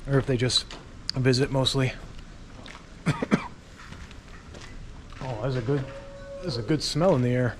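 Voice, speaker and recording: Street and traffic noise sit behind this man's mid-range voice as he talks at a measured pace, leaving long pauses. He's a travel vlogger walking city streets and hill paths, chatting to the camera and thinking out loud.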